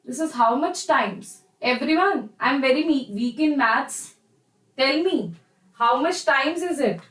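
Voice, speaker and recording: A woman's voice: sits high, animated, slow, a bit bright, roomy sound, rough recording. A young woman with an Indian English accent, teaching a live online chemistry class in a chatty, encouraging way. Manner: chatty and encouraging, addresses students as "bacha".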